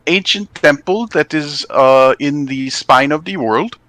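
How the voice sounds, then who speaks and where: A man voicing a huge, earnest male frost giant who speaks with a Canadian accent, in a halting, formal way with many pauses. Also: a little high, a bit bright, no room sound, voice pushed up.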